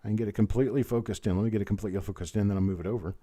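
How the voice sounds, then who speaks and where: A man with a lowish, mellow voice and fairly even intonation talks in rapid-fire bursts. He's running a live online coin auction, calling out bids again and again and tossing friendly asides to the bidders.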